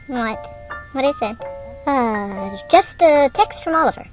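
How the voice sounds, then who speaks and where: A woman performing every part of an improvised radio comedy, switching quickly between characters. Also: high-pitched, animated, music in the background. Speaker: voice actor performing all parts.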